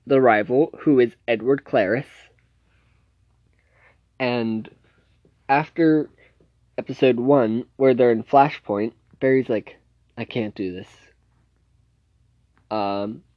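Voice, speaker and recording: Slow, rambling man recapping a show. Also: mid-range voice, no echo, dull audio. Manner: rambling, loose retelling full of "like" and self-corrections. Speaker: TV series reviewer. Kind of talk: casual unscripted plot recap.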